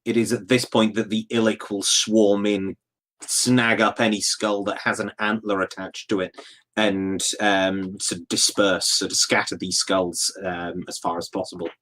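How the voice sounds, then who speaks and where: A man playing a tabletop game, calmly describing his characters' moves. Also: lowish voice, measured pace. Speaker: player.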